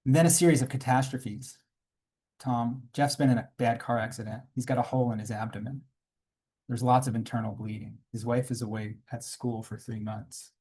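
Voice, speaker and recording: Male comics artist reading his memoir to a panel audience, warm, a little breathy, unhurried asides. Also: mid-range voice, steady tone. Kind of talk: reading aloud from his own graphic memoir. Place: conference panel room.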